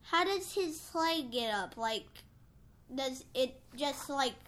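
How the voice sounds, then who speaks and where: A woman co-hosting a casual podcast chat, talking haltingly with many restarts. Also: sits high, animated, fairly bright tone. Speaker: podcast co-host.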